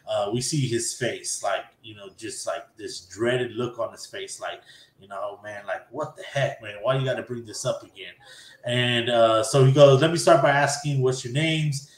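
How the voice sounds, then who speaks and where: A man hosting a podcast, recapping an anime episode in a casual, animated way and acting out characters' lines. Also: mid-range voice, normal speed, echoey room. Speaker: podcast host.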